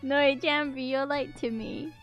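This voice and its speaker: A woman's voice: sits high, fairly even intonation, a little slow, muffled recording, soft background music. A woman streamer chatting casually to her viewers, playful and teasing, often giggling. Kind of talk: casual live-stream chat.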